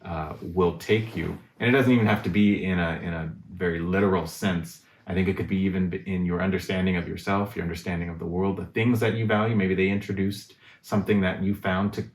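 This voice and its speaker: A man's voice: low-pitched, fairly even intonation, brisk, few pauses. A man talking in a reflective casual conversation, thinking aloud and searching for his words. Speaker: guest in a conversation on relationships. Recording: roomy echo.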